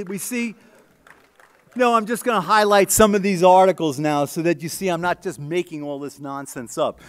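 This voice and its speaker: A man giving an emphatic, conversational scientific talk at a conference, often checking in with the audience. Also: a little high.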